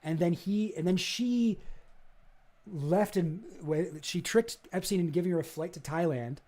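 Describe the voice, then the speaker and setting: A young man on a live stream giving casual commentary, animated and swearing as he gets worked up. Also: high voice, normal speed.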